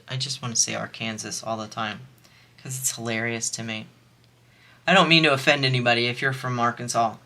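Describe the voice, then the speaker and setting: A woman's voice: extremely low pitch, sharp tone. A woman vlogger chatting casually while she crafts, amused and laughing often.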